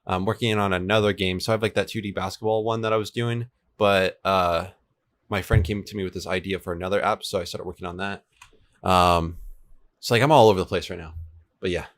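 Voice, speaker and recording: A laid-back young man chats on a stream while coding a game server, answering viewers' chat as he works. He speaks a little fast in a low, steady voice. The setting is a home room with the air conditioner on, and he switches between two desk microphones.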